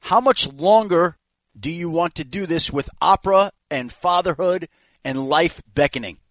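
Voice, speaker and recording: A man with a high, light voice, recorded dry and close with no room echo. He interviews with playful, coaxing questions, teasing his guest toward a performance. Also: measured pace, fairly bright tone. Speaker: interviewer, reporter.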